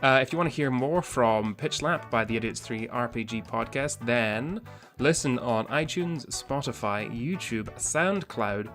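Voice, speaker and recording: A man's voice: medium pitch, animated, unhurried, fairly bright tone, soft background music. A man co-hosting a comedy role-play podcast, rambling through mock-detective accusations and then signing off the episode. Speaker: podcast co-host and player.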